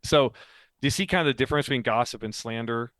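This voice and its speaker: A man's voice: medium pitch, fast talker, fairly bright tone, dry recording. Talkative man teaching in a dry room. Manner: talkative, explanatory, laughs often. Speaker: podcast co-host and author. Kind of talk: casual chat with teaching.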